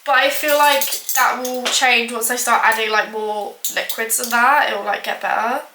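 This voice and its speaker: High-voiced woman, chatty and self-mocking. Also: fairly even intonation, moderate pace, bright, forceful tone, slight background noise. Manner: rambling, self-mocking, full of filler "like". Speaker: baking vlogger. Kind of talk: casual chatty vlog. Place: home kitchen. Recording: echoey kitchen with clattering dishes.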